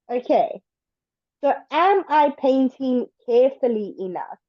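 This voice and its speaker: This online English lesson is taught by a high-pitched woman whose voice swings widely in pitch. She patiently and deliberately elongates words as demonstrations, speaking slowly. The recording is muffled, with no room sound.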